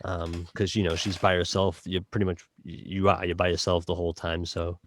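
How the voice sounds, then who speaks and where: A man with a Boston accent co-hosting a casual podcast chat, halting and full of fillers as he sums up a game. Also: sits low, flat delivery, a little hiss or hum. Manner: halting, many fillers and restarts. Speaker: podcast co-host reviewing a game.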